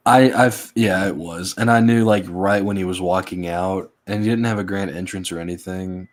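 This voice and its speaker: A man's voice: low-pitched, normal speed. A man co-hosting a podcast, chatting casually and retelling moments with rambling restarts. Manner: rambling, restarts often, animated when retelling. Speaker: podcast co-host. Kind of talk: casual chat.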